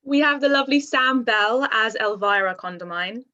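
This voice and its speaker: A woman's voice: fairly high pitch, moderate pace, sharp tone. A young woman in her twenties hosting a video call cast introduction, talking in a put-on posh voice and giggling between lines. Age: 20s. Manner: giggly, upbeat. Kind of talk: casual chat. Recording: dull lo-fi video call audio.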